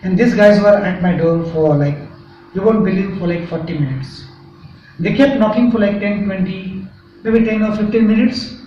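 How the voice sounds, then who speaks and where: A man tells his story as an interview guest in an earnest way. His voice is fairly high. The sound is muffled, distant and very echoey, with faint noise underneath. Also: moderate pace, warm tone. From India. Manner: earnest, recounting a frightening event. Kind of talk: personal account in an interview.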